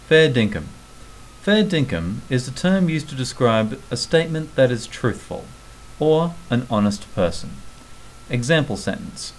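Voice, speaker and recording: A man's voice: mid-range voice, very animated, moderate pace, slight background noise, poor audio. A man with an Australian accent narrating an explanatory video in a friendly, enthusiastic, instructive manner. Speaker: vlogger.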